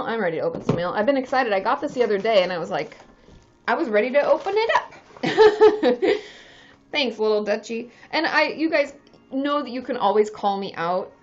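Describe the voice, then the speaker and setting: A very animated woman therapist with a fairly high voice talks at normal speed in a casual livestream. She's frank and chatty, swearing and laughing a lot, in dull lo-fi stream audio.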